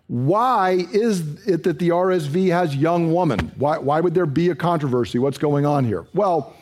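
A man's voice: on the high side, expressive, moderate pace, darkish tone. A man teaching a Bible study lecture, explaining a passage and reading scripture aloud, with a few fillers.

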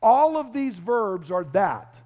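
A man's voice: high voice, big pitch swings, slow pace, dark tone, long reverb tail. A male pastor preaching an expository sermon, emphatic, repeating key phrases and quizzing his listeners.

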